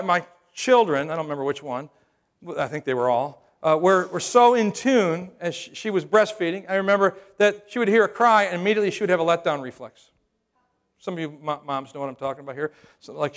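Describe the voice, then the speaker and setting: Middle-aged pastor guy preaching, high voice, jokey and chatty, keeps saying right?. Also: fairly bright tone. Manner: humorous, conversational, keeps asking "right?". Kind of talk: sermon.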